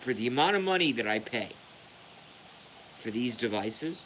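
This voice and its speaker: A man's voice: mid-range voice, expressive, moderate pace, fairly bright tone, a little hiss or hum, rough recording. A man delivering a heated, profane rant to the camera as a vlogger. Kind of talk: angry rant.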